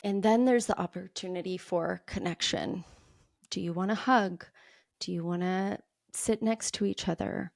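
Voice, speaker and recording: A woman hosting a solo parenting podcast, explaining calmly and acting out what a parent might say. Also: lowish voice, normal speed, vocal fry, no echo, studio quality. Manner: calm, explanatory, acts out parent quotes. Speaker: podcast host.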